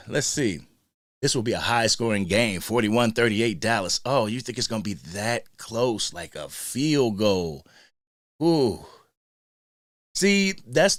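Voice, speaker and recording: A man's voice: lowish voice, no echo, clean studio sound. A man hosting a casual live fan stream, greeting viewers in the chat by name. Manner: animated, shouts out viewers in the chat. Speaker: host of a live fan show.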